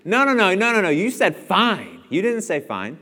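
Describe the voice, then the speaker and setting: Strict nagging mother, middle-aged woman, high and sharp, in a long-reverb hall; a man puts her on. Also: huge pitch swings, moderate pace, exaggerated voice. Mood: scolding.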